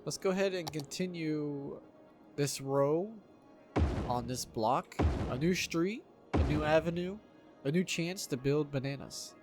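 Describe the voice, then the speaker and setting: A man casually commentating his own city-building game, excitable, swearing freely and laughing often. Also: fairly high pitch, measured pace, over music. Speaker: gameplay video host. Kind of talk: casual let's-play commentary.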